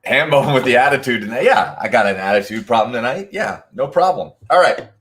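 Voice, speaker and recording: Hosting the online trivia night, he reads the answers and tallies while ribbing chat participants sarcastically. This time his mid-range, somewhat bright voice is expressive and a little fast.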